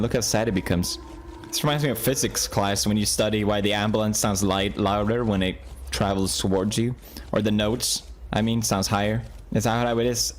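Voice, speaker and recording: A man in his thirties playing a horror game on video, joking along and jumping into high yelps whenever he gets scared. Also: a little hiss or hum. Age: 30s. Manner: jumpy, jokey, bursts into high yelps when scared. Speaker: gaming video host. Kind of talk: horror game play commentary.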